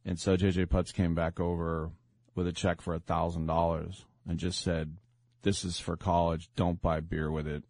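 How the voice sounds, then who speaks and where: A man's voice: sits low, little pitch movement, moderate pace, darkish tone, no room sound. A man hosting a sports radio show, telling stories casually and acting out the people he quotes. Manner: chatty, acts out quoted voices. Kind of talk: casual storytelling.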